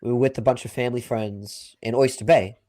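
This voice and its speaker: A man's voice: medium pitch, steady tone, a little fast, warm tone. A young man with a Long Island accent, co-hosting a sports podcast in casual, rambling chat full of "you know" and "like". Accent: Long Island New York. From Long Island, New York. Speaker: podcast co-host.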